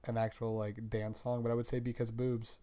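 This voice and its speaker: A man's voice: medium pitch, completely flat delivery, a little fast, warm tone. A young man hosting a podcast in casual chat, enthusiastic and full of slang. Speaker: podcast host.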